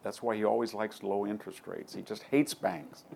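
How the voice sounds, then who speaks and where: A man with a low, gravelly voice takes a question from the audience in a lecture hall. He answers through rambling stories and slips into the voices of the people he quotes. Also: steady tone, normal speed, a little mellow, slight background noise. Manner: anecdotal, acts out quoted dialogue. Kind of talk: conversational Q&A storytelling.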